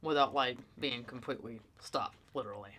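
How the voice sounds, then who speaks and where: A woman's voice: very deep voice, a little fast, fairly bright tone. A woman hosting an eating show, chatting casually and rambling with lots of fillers. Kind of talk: casual chat while eating.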